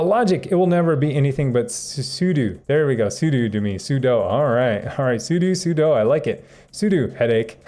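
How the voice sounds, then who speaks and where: A man's voice: medium pitch, warm tone. A man chatting casually on a tech live stream, rambling and chuckling as he reads viewer comments aloud.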